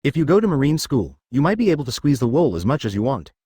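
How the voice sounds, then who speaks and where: A man's voice: mid-range voice, big pitch swings, quick pace, warm tone, breathy edge, dry recording, clean studio sound. A man voicing an arrogant, domineering young man who talks impatiently and dismissively in a plain reading voice.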